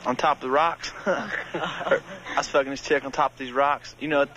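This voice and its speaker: A man's voice: medium pitch, fairly even intonation, moderate pace, dull audio, noisy background. A young man telling crude, bragging stories to friends, laughing often. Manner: crude, laughing, acts out voices in his stories. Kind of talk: bragging storytelling among friends. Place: outdoors.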